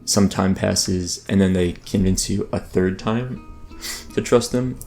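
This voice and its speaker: A man's voice: deep voice, slow. A man casually narrating while playing an online game, rambling with frequent ums and restarts. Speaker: gaming YouTuber. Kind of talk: casual let's play commentary. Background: soft background music.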